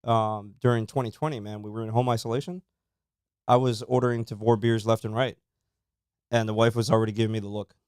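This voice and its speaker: A man co-hosting a casual beer-tasting podcast, relaxed and chatty, with plenty of ums and uhs. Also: lowish voice, fast talker, clear, resonant tone, no room sound, studio quality. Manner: relaxed, chatty, says um and uh often. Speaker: podcast co-host.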